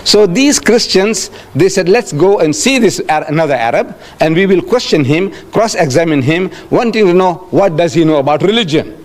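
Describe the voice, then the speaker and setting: Older south african guy lecturing, fairly high voice, punchy, repeats himself, acts out the quotes. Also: expressive, moderate pace, hardly any pauses, darkish tone. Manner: emphatic, repeats phrases, acts out quoted speech. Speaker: Islamic lecturer. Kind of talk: public religious lecture.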